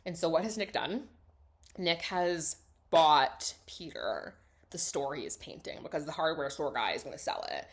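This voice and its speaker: A woman's voice: low-pitched, expressive, normal speed. Chatty woman gushing through a film recap. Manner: chatty, lots of "like", swings between loud gushing and hushed asides. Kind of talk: casual spoken film recap.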